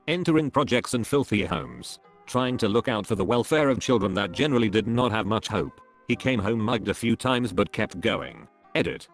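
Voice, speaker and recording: Low-voiced man narrating read-aloud stories. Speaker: narrator reading online posts. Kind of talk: scripted narration. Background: faint background music.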